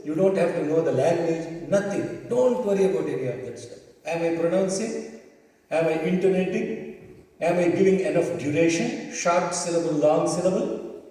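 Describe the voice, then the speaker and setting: A man's voice: a little high, normal speed, mellow. A man teaching chanting to a class, patiently explaining and counting syllables aloud. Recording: distant mic in an echoey hall.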